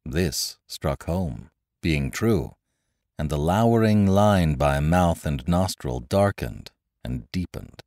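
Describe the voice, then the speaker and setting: A man giving an expressive scripted audiobook narration of a classic story. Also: low voice, dry recording, studio quality.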